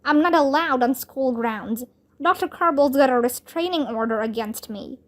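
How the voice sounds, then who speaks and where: High, slow woman reading aloud. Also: animated. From Vietnam. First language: Vietnamese. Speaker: reader. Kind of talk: children's book read-aloud.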